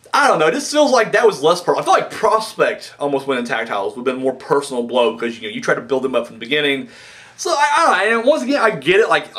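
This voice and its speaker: Excitable, rambling man reviewing wrestling. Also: fairly high pitch. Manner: excitable, rambling, profane, swings from mutter to outburst. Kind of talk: casual review monologue.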